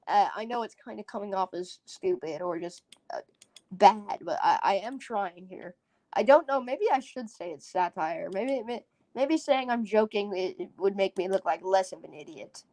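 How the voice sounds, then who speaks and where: A woman's voice: medium pitch, animated, moderate pace, mellow, dry recording. A woman hosting a casual solo podcast, rambling and giggling as she sounds out foreign words. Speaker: podcast host.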